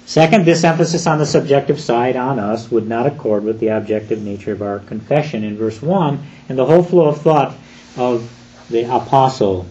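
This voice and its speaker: A man preaching an expository sermon, deliberate and emphatic, slowing down on key phrases. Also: medium pitch, mellow, dull audio, a little hiss or hum.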